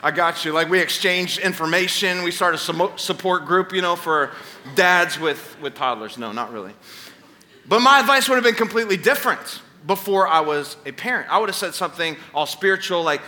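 A man's voice: high voice, animated, a little fast, sharp tone. A man in his thirties preaching a Sunday sermon in a church, telling stories with playful asides to the congregation. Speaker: pastor. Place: church stage before a congregation.

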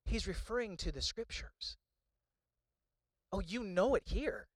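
A man's voice: high-pitched, animated, unhurried, long pauses, slightly rough, no echo. Conversational male preacher, dry sound. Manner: conversational storytelling, many restarts. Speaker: pastor. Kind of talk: sermon.

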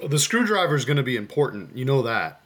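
Man, podcast co-host, bright crisp voice, easygoing chatter, video call. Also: medium pitch, big pitch swings, fast talker. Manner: easygoing, chatty, laughs easily. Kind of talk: casual chat.

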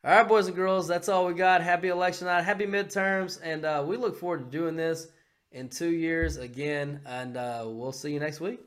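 A man hosting a podcast in a casual, profane, excitable chat who bursts into shouts. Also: fairly high pitch, normal speed. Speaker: podcast host.

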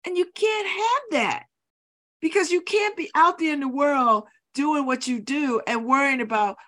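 A woman's voice: sits high, unhurried, fairly bright tone. A middle-aged woman hosting a talk radio show, giving an opinionated monologue and repeating her points for emphasis. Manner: emphatic, repeats phrases for effect, preachy. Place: radio studio.

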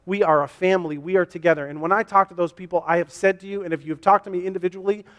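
A man pastor preaching a sermon in a church, earnest and repetitive, voicing the questions his listeners ask. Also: sits high. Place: church sanctuary. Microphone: to a camera for online viewers. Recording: long hall reverb.

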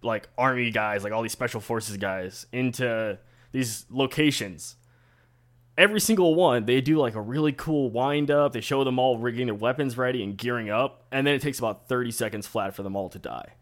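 A man appearing as a guest on a casual podcast, laying out his points in steady, wry explanations. His voice sits at an ordinary middle pitch for a man. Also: moderate pace.

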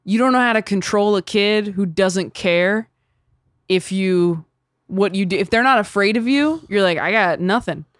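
Smooth-voiced woman in casual chat. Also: mid-range voice, dry recording, clean studio sound. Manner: quick to relate, chiming in with short agreements. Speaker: guest comedian.

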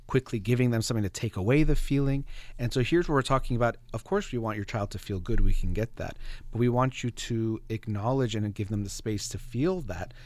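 A man's voice: medium pitch, a little fast, a little mellow, no echo. A man, a therapist hosting a conversation, explaining ideas in an earnest, explanatory way. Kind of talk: casual conversation.

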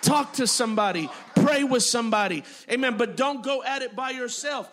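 A male pastor with a high, bright, ringing voice preaches to his congregation. He leans on repetition, stacking phrase after phrase and punctuating them with amens and hallelujahs. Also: moderate pace. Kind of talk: sermon. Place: church sanctuary.

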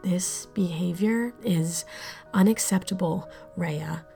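A woman voicing a cool, breezy woman in charge who speaks in a dismissive, unhurried way in an audio drama. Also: lowish voice, vocal fry, dark tone, faint music behind.

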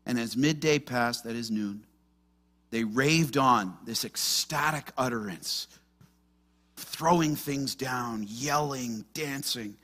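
A man preaching an expository sermon as pastor, animated and acting out the voices in the story. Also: medium pitch, takes it slowly. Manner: animated, acts out quoted voices.

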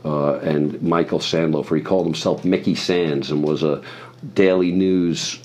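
A man's voice: a bass voice, steady tone, unhurried, a little mellow. A man telling a meandering, swear-filled story in conversation. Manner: profane, meandering, acts out other people's voices. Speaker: guest storyteller. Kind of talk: rambling anecdote in conversation.

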